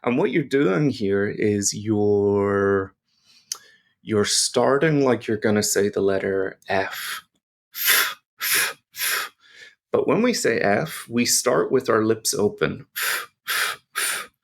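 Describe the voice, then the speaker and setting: A man's voice: on the low side, lively intonation, takes it slowly, vocal fry. A man teaching pronunciation to learners, patiently explaining and modelling each sound. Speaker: language teacher.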